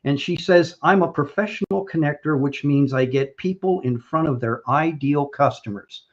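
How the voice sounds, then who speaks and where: An older man hosts a talk show in a chatty, meandering way. He often restarts his sentences and adds light jokes. His voice sits a little high, and the recording sounds dull and lo-fi. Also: normal speed. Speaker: show host. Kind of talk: casual talk-show hosting.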